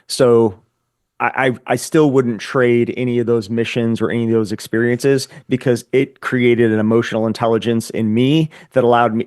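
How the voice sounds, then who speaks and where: A man's voice: medium pitch, darkish tone, dry recording, studio quality. A man telling his personal story as a podcast guest, earnest and reflective, often repeating words as he gathers his thoughts. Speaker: podcast guest, Air Force veteran.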